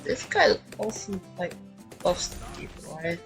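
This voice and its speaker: A woman's voice: on the low side, very animated, slow, creaky, poor audio. Chatty giggly young woman streamer. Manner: chatty, giggly, repeats words while thinking. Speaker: streamer playing a video game. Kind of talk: casual gaming stream chat. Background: faint game music.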